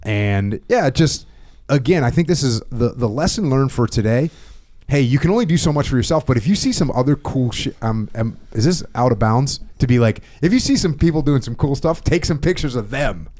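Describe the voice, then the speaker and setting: A man's voice: medium pitch, lively intonation, fairly quick, darkish tone. A man hosting a podcast who talks casually and bluntly, with emphatic phrases and some swearing. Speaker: podcast host. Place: podcast studio.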